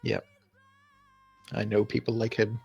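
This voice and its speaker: A man voicing a large, earnest half-orc who speaks sincerely in a slow, halting way. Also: lowish voice, completely flat delivery, vocal fry, darkish tone, breathy edge, no room sound, faint music behind, exaggerated voice.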